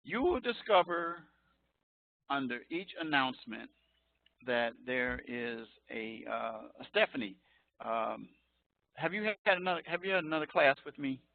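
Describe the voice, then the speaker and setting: This creaky-voiced man, a 60-something professor from Chicago, delivers a loose online lecture full of jokes, tangents and laughter. His medium pitch swings widely at a measured pace, heard over a dry, tinny phone-like line with no echo.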